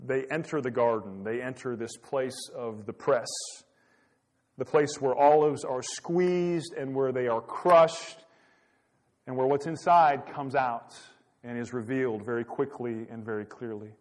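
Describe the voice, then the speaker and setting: A man's voice: medium pitch, a little slow. A man preaching a sermon, dramatic and full of rhetorical questions. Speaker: pastor.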